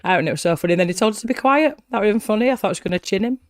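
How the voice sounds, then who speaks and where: A man's voice: sits high, lively intonation, racing, no echo. Sweary rambling man, dry mic. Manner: sweary, rambling, laughing, chewing while talking. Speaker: live stream host. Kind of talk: casual chat.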